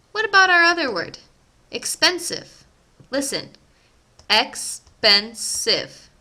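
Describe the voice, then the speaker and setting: A young woman teaching an English grammar lesson, speaking slowly and enunciating each word with care. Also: a little high, bright, forceful tone. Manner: slow, carefully enunciated teaching voice. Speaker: ESL teacher.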